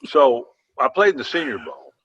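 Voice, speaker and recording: A man's voice: medium pitch, huge pitch swings, fairly bright tone, a little hiss or hum. An older man, a former football player, telling long folksy anecdotes in casual chat over a video call. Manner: folksy, drawn-out anecdotes with quoted dialogue. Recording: dull lo-fi sound.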